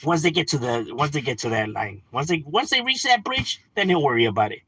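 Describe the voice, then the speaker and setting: A man's voice: fairly high pitch, very animated, a little fast, sharp tone, slightly rough, no room sound. A man ranting casually on a livestream, swearing, slangy and laughing often. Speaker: livestream host.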